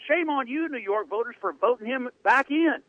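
A man hosting sports talk radio, ranting with animated sarcasm. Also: extremely high pitch, normal speed, dry recording. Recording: dry tinny phone-like radio audio.

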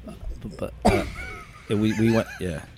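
A retired police chief telling wry, deadpan stories from his career in an interview. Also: fairly low pitch, unhurried. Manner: wry, deadpan anecdotes with cop jargon. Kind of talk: storytelling in a podcast interview.

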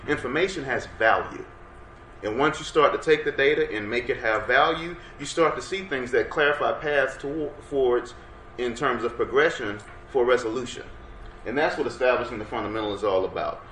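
Male workshop presenter, energetic and audience-driven, mid pitch, roomy room with faint hiss. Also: normal speed. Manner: energetic, coaxes audience to respond. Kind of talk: interactive workshop lecture. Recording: roomy room sound, faint background noise.

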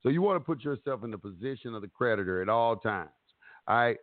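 A man hosting a casual instructional chat, animated and repetitive, acting out what he says in court. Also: medium pitch, quick pace, no room sound. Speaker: host giving advice. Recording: dry tinny phone-like audio.

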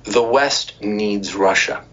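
A man's voice: fairly low pitch, takes it slowly, a bit bright. A man giving a profane, emphatic commentary monologue on politics, full of rhetorical asides, often checking in with "right?" and "okay?". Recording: dull lo-fi recording.

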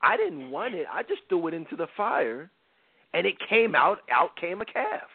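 Aaron is an evasive older priest who brushes off the blame with loose street slang, put on by a man. The voice sits high and swoops around, and the sound is dry and narrow, like a phone line. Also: very animated, moderate pace, husky, dry recording, full character voice. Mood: defensive. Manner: casual slangy pleading, "chill, man".

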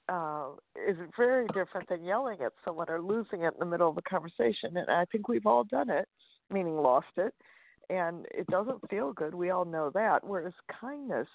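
A woman's voice: lowish voice, animated, normal speed, vocal fry, dry recording. Upbeat woman guest on a phone line. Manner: upbeat and chatty, with frequent fillers. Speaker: guest author and speaker. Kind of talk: interview over a phone line. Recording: dry, tinny phone line.

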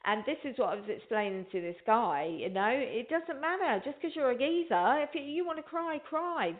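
A woman's voice: high voice, expressive, normal speed. A woman hosting a spiritual talk show, chatting in a rambling way and speaking straight to her listeners. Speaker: radio show host. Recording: tinny phone line.

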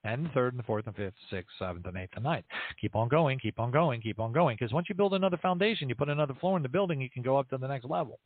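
A man's voice: medium pitch, animated, fast, dry recording. A man hosting a Christian show, casually teaching from the Bible and telling stories where he acts out both sides of a conversation. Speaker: Christian radio show host. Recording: tinny phone-line sound, dry.

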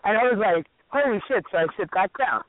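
Speaking fast in a high-sitting voice, a male radio co-host tells casual stories with lots of energy, swearing and voicing other people's lines. No echo is present, and the sound is tinny and phone-like.

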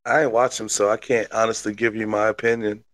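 A man's voice: fairly low pitch, level tone, a little fast, a bit bright, no room sound. Man, podcast co-host, casual joking chat, dry close sound.

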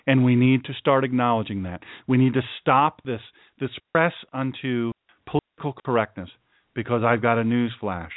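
A man's voice: medium pitch, normal speed, dry recording. A man hosts a radio show, talking in an earnest, folksy and preachy way and hammering his points with repeated phrases. His voice comes through a thin, phone-like line with no room sound around it. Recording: dry, tinny phone-like sound.

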